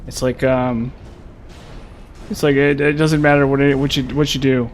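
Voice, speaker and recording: A man's voice: medium pitch, flat delivery, normal speed, slight background noise. Frustrated male game streamer, self-mocking. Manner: frustrated, self-mocking, breaks into loud exasperated outbursts. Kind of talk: live gameplay commentary chatting with viewers.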